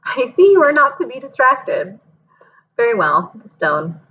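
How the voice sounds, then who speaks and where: A woman reading aloud, voicing a calm, kindly old male headmaster with a gentle, wry, measured manner. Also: fairly high pitch, dull audio, pitched above the performer's own voice.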